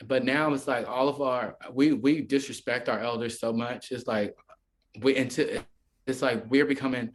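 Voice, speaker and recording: A man in a relaxed podcast conversation, at an everyday middle pitch. He rambles with lots of filler words and drops into brief playful impressions of other people as he makes his point. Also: moderate pace. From United States. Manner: rambling, filler-heavy, often acts out quoted voices. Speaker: podcast guest, musician.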